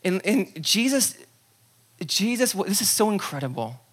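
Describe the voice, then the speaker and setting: A pastor preaching a sermon in a conversational, animated way, acting out scenes and checking in with the listeners. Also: mid-range voice, unhurried, slightly rough. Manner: animated storyteller, acts out scenes; conversational, frequent "okay?" asides.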